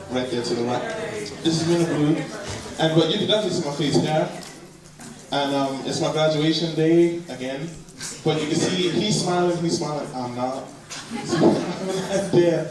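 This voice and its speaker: A man in his twenties with an American-influenced accent, a producer and worship leader telling his life story in a relaxed, rambling way. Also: a little high. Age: 20s. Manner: relaxed, rambling, lots of fillers. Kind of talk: personal life story talk. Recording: very echoey hall, distant mic, audible background.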